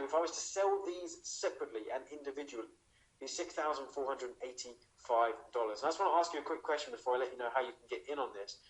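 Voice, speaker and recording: A man with an English accent giving an emphatic online sales pitch as a webinar presenter, tossing in rhetorical questions and a habitual "okay?". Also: poor audio.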